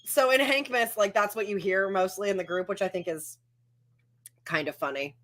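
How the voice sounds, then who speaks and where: A woman's voice: mid-range voice, moderate pace, crowd noise. A woman co-hosting a live stream, chatting in a loose, rambling way with many fillers. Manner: rambling, lots of "like" and restarts. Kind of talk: casual live-stream chat.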